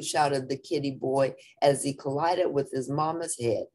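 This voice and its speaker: A woman reading a children's picture book aloud in an expressive, playful way. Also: rumbling low, a little slow, few pauses. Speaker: storybook reader.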